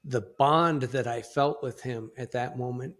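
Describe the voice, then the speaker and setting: Middle-aged man speaking haltingly. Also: mid-range voice, a bit bright, a little hiss or hum. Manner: halting, reflective speech with frequent restarts. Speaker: podcast guest. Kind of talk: conversational interview.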